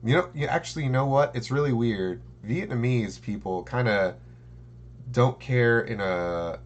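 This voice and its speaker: A man co-hosting a podcast in casual chat, telling stories and jumping into playful high impressions. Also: unhurried, lo-fi sound. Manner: storytelling, jumps into high childlike mimicry. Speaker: podcast co-host.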